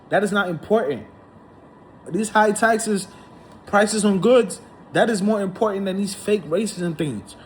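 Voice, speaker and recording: High-voiced man ranting heatedly. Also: a little hiss or hum. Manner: indignant, repetitive, heated. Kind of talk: ranting monologue to camera.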